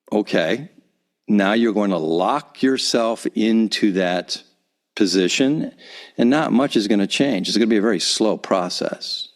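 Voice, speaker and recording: A man teaching calm self-acceptance, guiding breathing in a slow, soothing way with soft repeated cues, recorded in a home vocal booth. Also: lowish voice. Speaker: guest teacher. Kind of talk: calm guided breathing instruction.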